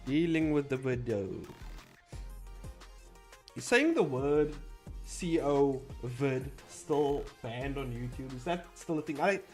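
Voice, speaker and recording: A man's voice: mid-range voice, animated, slow pace, darkish tone, faint music behind. A young man chatting casually on a livestream, rambling and blunt, swearing freely. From South Africa. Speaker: streamer.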